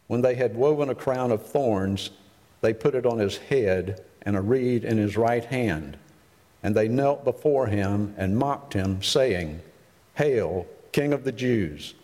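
A man reading scripture aloud as a lector, in a formal, measured way, in a reverberant hall. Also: fairly low pitch, darkish tone.

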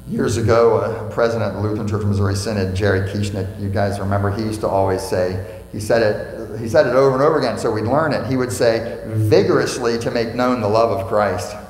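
Emphatic pastor preaching in an echoing hall. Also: male voice, fairly low pitch, fairly quick, hardly any pauses, a little mellow. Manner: emphatic, asks the congregation questions and repeats key phrases. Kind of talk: sermon. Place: church sanctuary. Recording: echoey church hall with faint mains hum.

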